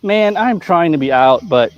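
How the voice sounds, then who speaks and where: A man's voice: on the high side, lively intonation, normal speed, dry recording, muffled recording. A man who runs a figure store, talking in a blunt, profane, ranting way in a casual live-stream chat.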